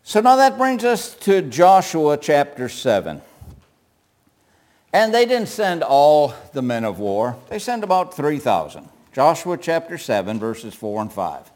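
Animated man teaching a Bible lesson. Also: fairly high pitch, unhurried. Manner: animated, acts out the people in the passage. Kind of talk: Bible lesson with scripture reading.

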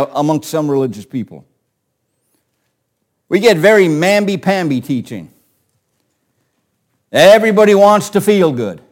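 Male pastor preaching slow, voice sitting a bit high and jumping all over, lots of questions thrown at the congregation. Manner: rhetorical questions, swings from quiet to forceful. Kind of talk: sermon.

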